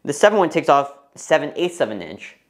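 A young man vlogging casually to the camera in a bathroom. His nervous, excitable chatter breaks into squeals and laughter. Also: fairly high pitch, fairly quick. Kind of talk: casual vlog talking to camera. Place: parents' bathroom, indoors.

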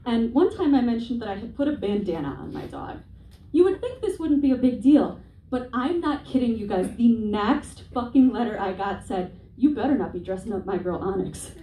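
A woman's voice: on the high side, very animated, normal speed, mellow. Wry woman comic in her twenties. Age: 20s. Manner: self-deprecating, profane, wry asides. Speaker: stand-up comedian. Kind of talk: stand-up comedy set. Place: comedy club stage. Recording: echoey room, heard from a distance.

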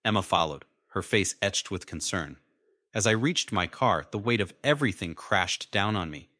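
A young man in his twenties narrates a dramatic first-person story in a low voice with lively, emotional swings. The voice-over is dry and close, with no room sound. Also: normal speed, no echo.

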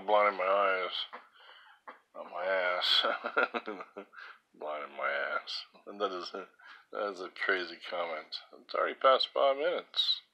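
A man's voice: lowish voice, lo-fi sound. A man filming himself on a phone at home at night, rambling sleepily to the camera and laughing at his own jokes. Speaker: vlogger. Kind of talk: rambling self-filmed vlog.

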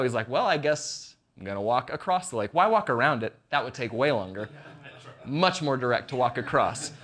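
A man's voice: mid-range voice, a bit bright. A man preaching a casual online sermon as pastor, conversational and jokey, acting out the lines he quotes.

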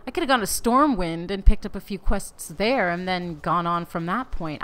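A woman's voice: fairly low pitch, expressive, normal speed, a bit bright. Chatty woman narrating her gameplay. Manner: chatty, rambling and candid, talking to viewers. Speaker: Let's Play host. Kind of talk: casual gameplay commentary.

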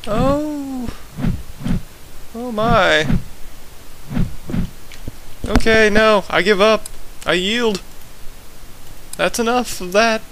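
A man giving excitable let's play commentary, swearing and yelping as things go wrong. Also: high-pitched, extremely slow, long pauses, slight background noise. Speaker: gamer.

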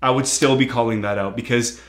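A man's voice: medium pitch, fairly even intonation, a little fast, fairly bright tone. A young man hosts a casual reaction commentary, talking in slang with frequent stumbles and restarts. His voice sits mid-range in a roomy, echoey space. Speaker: reaction channel host.

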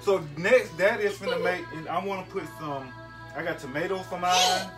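A man's voice: sits high, brisk. A man, a father, chatting casually in a home kitchen as he cooks with his young daughters, patiently coaxing and directing them. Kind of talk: casual cooking vlog chat. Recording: voice from a distance over loud music.

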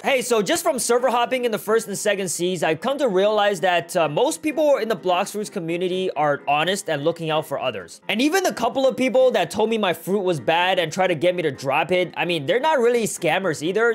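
A man's voice: sits high, expressive, a little fast, few pauses. A young man giving playful gameplay commentary, laughing often and teasing other players. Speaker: gaming YouTuber.

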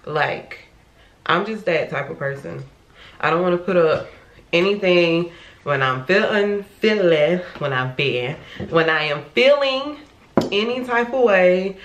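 This Florida woman vlogger has a fairly low voice, and the audio sounds dull. She chats casually at home, rambling and often correcting herself mid-sentence, in an echoey room with faint noise.

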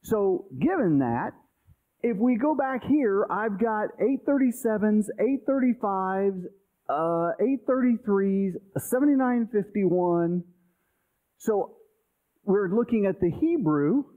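A man's voice: high-pitched, animated, slow pace. A male pastor teaching an informal Bible study class, explaining things conversationally with everyday examples and often checking in with "okay?". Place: church. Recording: tinny, phone-like sound.

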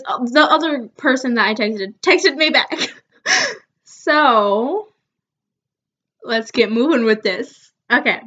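A young woman talks through a casual vlog, giggling between lines as she reads her texts aloud. Her voice sits high and her pace is very slow and drawn out. The recording is a bit dull and muffled. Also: a bit bright. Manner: giggly, laughs often while reading texts aloud. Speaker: vlogger.

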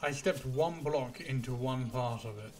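A man's voice: mid-range voice, a little slow, darkish tone. A young man live-streaming a video game, chatting playfully, humming tunes and swearing at the game. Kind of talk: casual live-stream chat.

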